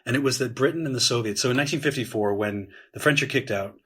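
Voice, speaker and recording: A man, a history professor and guest, explaining eagerly in conversation, with frequent restarts and lively voiced quotes. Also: medium pitch, fast, husky.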